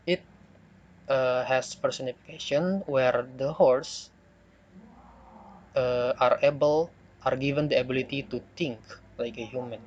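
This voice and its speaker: A young man whose first language is Indonesian, presenting a poem analysis for a class assignment in a hesitant way, with frequent fillers and self-corrections. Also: medium pitch.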